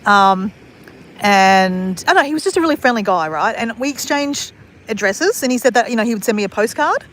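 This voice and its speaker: A woman's voice: a little high, animated, brisk, a bit bright, a little hiss or hum. A woman in her forties from Australia, chatting casually to camera in a rambling, laughing way. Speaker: vlogger.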